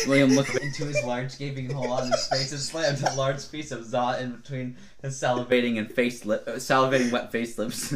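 A man co-hosting a comedy podcast, reading absurd fan fiction aloud in a mostly flat voice and often breaking into laughter. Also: medium pitch, moderate pace.

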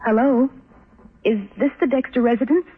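An actress playing a young woman obsessively in love, in an old-time radio drama, speaking in halting, emotional bursts. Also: on the high side, husky. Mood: hopeful. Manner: emotional, halting, breathless pleading. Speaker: lovesick heroine. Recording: tinny old radio broadcast with faint hiss.

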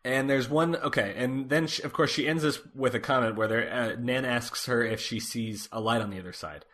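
A man co-hosting a casual podcast, recapping a TV episode in a relaxed way, with lots of fillers. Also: medium pitch, fairly quick. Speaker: podcast co-host.

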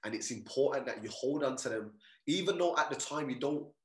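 Guy in his late 20s, mid-pitch, animated storyteller, echoey room. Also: brisk. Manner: animated storyteller, keeps asking "you get me". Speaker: guest, mindset coach. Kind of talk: casual podcast chat.

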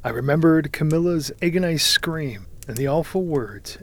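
A man reading a first-person story aloud in a measured, dramatic manner, sometimes sinking to a hushed whisper. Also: a little high, expressive. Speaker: audiobook narrator. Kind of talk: scripted first-person narration.

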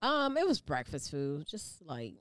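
A laid-back woman with a low voice that rises and falls a lot, chatting and teasing her friend. She drops in fillers as she goes, recorded close and dry. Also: huge pitch swings, a little slow, a bit bright, no echo. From Savannah, Georgia. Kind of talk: casual chat.

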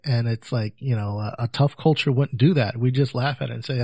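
A man in his thirties talks as a podcast guest, earnest and ready to laugh. His voice is mid-pitched and plain. The recording is dry and close. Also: brisk, mellow, breathy edge, dry recording. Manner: earnest, laughs easily, argues for offensive humor. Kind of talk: casual podcast chat.

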